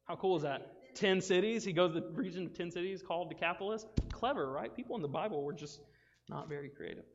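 A man gives a casual, animated youth sermon, acting out the voices of friends and Bible characters. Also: high-pitched, fast talker, a little hiss or hum. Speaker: youth pastor. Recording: dull sound with long reverb in a hall.

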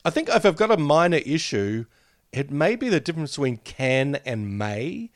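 A man co-hosting a podcast in casual chat, animated and jokey, acting out quotes as he talks. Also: a little high, normal speed, dry recording, studio quality. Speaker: podcast co-host.

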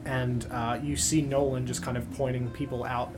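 Relaxed man narrating as game master. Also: mid-range voice. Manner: relaxed, descriptive, many uhs and pauses. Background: background music.

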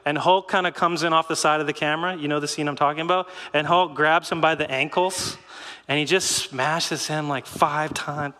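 A middle-aged man giving a sermon in a lively, conversational way, with rhetorical questions and short laughs. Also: on the high side, moderate pace, in a large hall. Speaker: pastor.

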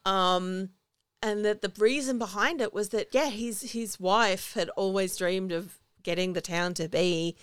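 A woman's voice: mid-range voice, unhurried, smooth, no room sound. Chatty woman recapping a film. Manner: animated storytelling, acts out quoted lines. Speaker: podcast co-host. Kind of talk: casual film recap chat.

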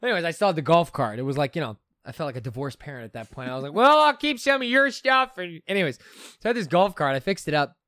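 Animated young man, casual chat. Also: a little high, racing, no echo. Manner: animated storyteller, lots of fillers.

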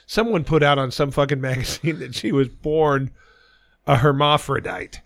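A man's voice: on the high side, fairly even intonation, moderate pace, gravelly, a bit bright, no echo, clean studio sound. A man, co-hosting a podcast in blunt, profane, laughing casual chat. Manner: blunt, swears a lot, laughs easily. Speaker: podcast co-host.

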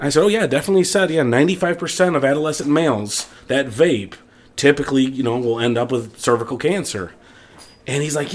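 A man co-hosting a podcast, telling a casual story with lots of quoted back-and-forth dialogue. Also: medium pitch. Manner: fast, animated anecdote-telling with quoted dialogue. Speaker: podcast co-host.

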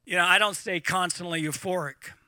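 A middle-aged man preaching to a live congregation, animated and repeating words as he talks. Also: high-pitched, a little fast, no room sound. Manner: animated, repeats words, laughs at own points. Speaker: pastor.

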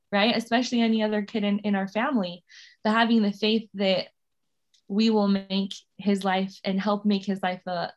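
A woman's voice: medium pitch, muffled recording. A woman in her thirties, a guest on a podcast, talking in a chatty, candid way and laughing often. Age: 30s. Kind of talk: casual interview chat.

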